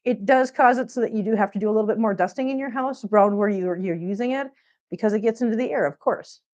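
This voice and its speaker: A woman's voice: medium pitch, fast, a little mellow, dull audio. A woman chatting casually on a cat-care livestream, rambling and answering viewers while she cleans, a little out of breath. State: a bit out of breath. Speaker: cat channel vlogger.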